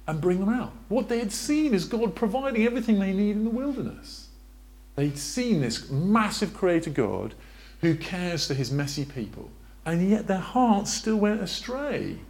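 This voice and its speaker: Guy preaching in church, voice jumps all over, pitch a bit high, keeps asking the room questions. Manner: lively, asks the congregation questions, draws on a board. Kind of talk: sermon.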